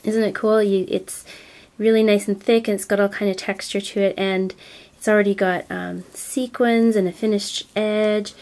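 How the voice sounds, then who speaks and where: A woman with a stuffy, nasal voice who sounds a little under the weather and short of breath. She talks casually and loosely, filling her pauses with ums as she walks through a demonstration. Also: medium pitch, darkish tone, a little hiss or hum. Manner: chatty, with many ums and self-corrections. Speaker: crafting video host.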